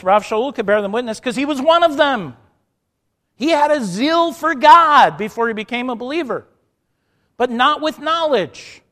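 A man preaching a sermon emphatically, dropping soft and then rising loud, acting out the people in his stories. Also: high-pitched, in a large hall. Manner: emphatic, swings from soft to loud, acts out quotes.

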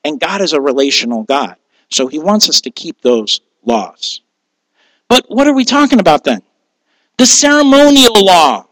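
A man's voice: on the high side, very animated, normal speed, fairly bright tone, dry recording, low-quality recording. A man, a pastor, preaching a sermon in a conversational way, asking rhetorical questions and laughing at his own asides.

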